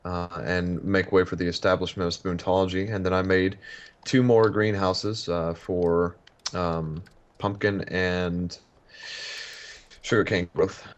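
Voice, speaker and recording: Deep-voiced man on a muffled mic. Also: little pitch movement, a little slow. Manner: easygoing, rambling with many fillers. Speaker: guest player. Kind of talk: casual chat while playing a video game.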